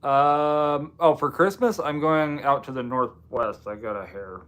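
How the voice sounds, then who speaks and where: This man, hosting a casual livestream, goes through viewer comments with a loose, offhand manner and some dry remarks on the side. He's from Washington State, US, and his slightly high, fairly bright voice moves at an unhurried pace.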